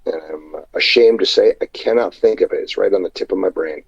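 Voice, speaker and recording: A man with a low, husky voice rambles through an old anecdote in a casual interview. He stops, restarts and fills gaps with "uh" as he remembers. The sound is dull and lo-fi, like a remote call. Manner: rambling, halting anecdotes with many fillers. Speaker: wrestler guest. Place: indoors at night, remote call.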